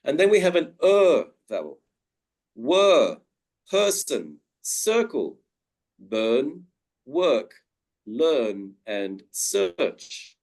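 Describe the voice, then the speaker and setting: A man teaches pronunciation at a slow, deliberate pace. His pitch swings widely as he draws out each example word. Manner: drawn-out example words with lively pitch. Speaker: webinar presenter on pronunciation. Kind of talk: slow, careful pronunciation lesson.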